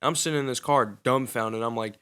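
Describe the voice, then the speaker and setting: Slangy young man with a smooth voice. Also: mid-range voice, fairly quick, bright, forceful tone. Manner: loose, profane, slangy street talk. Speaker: storyteller. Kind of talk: casual personal storytelling.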